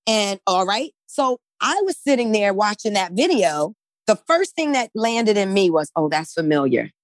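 A woman's voice: mid-range voice, lively intonation, unhurried, dry recording. A woman talks through her points in an emphatic, conversational way. Her voice sits in an ordinary middle register. She often tags her sentences with "right?", and the recording sounds close and dry. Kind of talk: conversational discussion.

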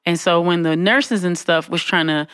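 Animated woman telling a family story. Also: moderate pace, smooth, no room sound, clean studio sound. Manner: animated, laughing, acts out quotes in a high voice; conversational, with frequent "you know what I'm saying". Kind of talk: casual storytelling chat.

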